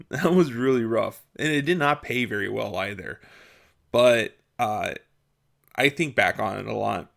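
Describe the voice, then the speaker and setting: A man's voice: medium pitch, vocal fry, a bit bright. A young man telling a casual personal story, chuckling as he goes and restarting his sentences. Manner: laughs often, with quick restarts. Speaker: vlogger.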